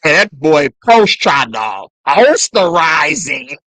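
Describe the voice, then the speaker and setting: A man calling a basketball game live as a fan on a stream, swearing and yelling at the players between play-by-play. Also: on the high side, takes it slowly, dry recording. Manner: excited, profane trash talk at players. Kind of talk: fan play-by-play watch-along.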